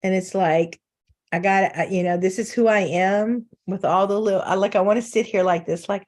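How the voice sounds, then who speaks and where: A middle-aged woman sharing an informal faith talk over a video call. She speaks candidly and pokes fun at herself, breaking into laughter now and then. Her voice sits at an ordinary pitch for a woman. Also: steady tone, moderate pace. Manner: candid, self-mocking, laughs often. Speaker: guest speaker.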